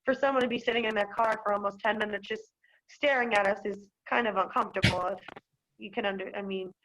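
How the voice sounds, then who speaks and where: A woman's voice: mid-range voice, steady tone, quick pace, a bit bright, a little hiss or hum, poor audio. A young woman from Massachusetts telling a town board about an incident over a video call, rambling with lots of "like" and "you know". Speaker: dog owner at a hearing.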